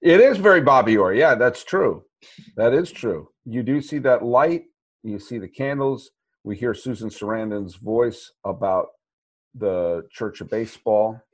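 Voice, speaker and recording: A man with a fairly low voice hosts a podcast, walking through a film scene by scene. He talks loosely and keeps restarting sentences, animated at times. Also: unhurried. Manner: rambling, restarts often, animated. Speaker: podcast host. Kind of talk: casual movie chat.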